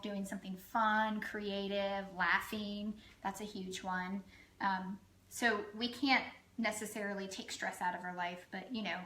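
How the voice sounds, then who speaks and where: A woman's voice: mid-range voice, pushed and bright, roomy sound, low-quality recording. A woman health coach giving a casual educational talk to the camera, chatty and full of "um" fillers, with self-deprecating asides.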